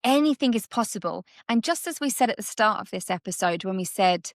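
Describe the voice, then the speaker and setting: Animated woman coaching in a dry room. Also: medium pitch, fairly quick, no room sound. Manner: animated, acts out little scenes in different voices. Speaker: subconscious coach guest. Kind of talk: conversational coaching chat.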